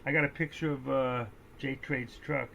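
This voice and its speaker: A man giving casual, rambling live-stream commentary on stock trades, joking and breaking into excitable outbursts. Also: medium pitch, moderate pace, vocal fry, slight background noise. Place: indoors at home, seated.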